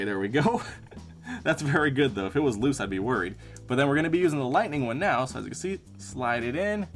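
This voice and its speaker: An upbeat man hosts a gear review, chatting casually as he shows each part hands-on. His pitch swings a lot, with a middling voice and faint music behind him. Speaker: tech reviewer. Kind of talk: product review vlog. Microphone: clip-on lavalier.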